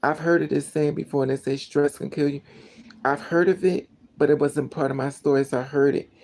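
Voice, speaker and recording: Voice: mid-range voice, fairly even intonation, fairly quick, a little mellow, poor audio. A vlogger telling a story as a casual rant, emotional and indignant, repeating phrases for emphasis.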